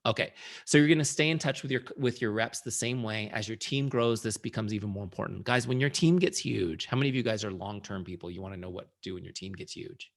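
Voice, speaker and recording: A middle-aged man with a low, gravelly voice leads a live sales training. He talks in a lively, conversational way and often checks that his audience is following. He sounds like a founder coaching his team. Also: fast talker.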